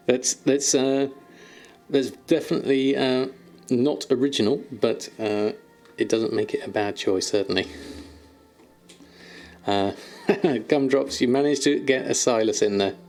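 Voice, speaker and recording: A man's voice: medium pitch, darkish tone. A man streaming from home, chatting casually with viewers and cooing affectionately at his kittens, laughing often. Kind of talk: casual live-stream chat. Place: at home, indoors.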